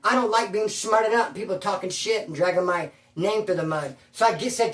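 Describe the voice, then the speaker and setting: Telling his prison experience in relaxed first person, a man leans on street slang and keeps addressing the listener as bro. He's high-pitched, slightly fast and a bit bright, with roomy audio and distance from the mic.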